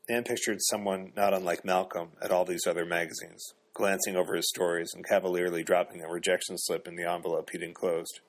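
In a steady, measured storytelling style, a man with a low voice narrates a novel as a scripted audiobook reading.

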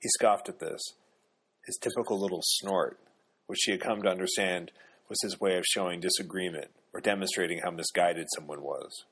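A man narrating a novel in a measured, even storytelling manner. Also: deep voice, breathy edge. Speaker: audiobook narrator. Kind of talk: scripted narration.

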